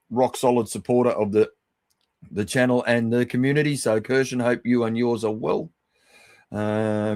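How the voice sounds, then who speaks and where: A middle-aged man with a fairly low voice runs through friendly, matey shout-outs on his livestream. He talks casually and affectionately and swears without a second thought. The sound is close and dry, with almost no room echo. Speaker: livestream host.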